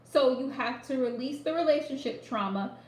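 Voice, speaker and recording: A woman's voice: sits high, normal speed. A woman giving a live psychic reading, speaking straight to the listener and repeating phrases for emphasis. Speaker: psychic reader. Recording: echoey room.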